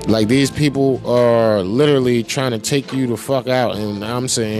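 A man's voice: mid-range voice, steady tone, moderate pace, few pauses, darkish tone, soft background music. A man hosting a podcast in a casual political rant, profane, emphatic and rambling. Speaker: podcast host.

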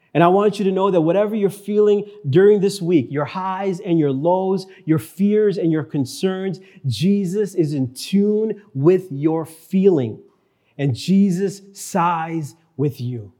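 Man preaching in church, slow n earnest, warm soft tone, says stuff twice for weight. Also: high voice. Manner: earnest, repeats key phrases, varies pace for emphasis. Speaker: pastor. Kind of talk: sermon.

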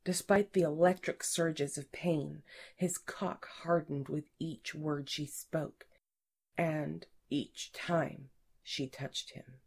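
A woman narrating an erotic audiobook in a slow, breathy, intimate way that often falls to a whisper. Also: low-pitched, a little mellow.

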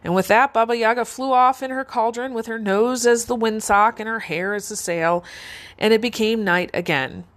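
A woman storyteller with a fairly high voice reads a folk tale aloud. Her narration is measured and expressive.

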